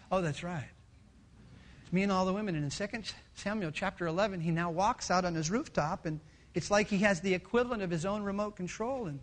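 A male pastor preaching a sermon with animated storytelling, slipping into character voices. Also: sits high, fairly quick.

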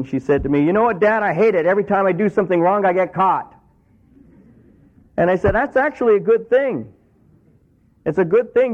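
A middle-aged male pastor preaching a sermon in a conversational way, acting out the voices of the people he quotes. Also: high voice. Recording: tinny phone-like radio broadcast.

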